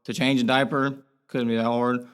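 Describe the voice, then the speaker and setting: A man's voice: medium pitch, level tone, normal speed, clear, resonant tone. A young man as a podcast guest, talking earnestly and rambling in a candid interview, with lots of fillers and restarts.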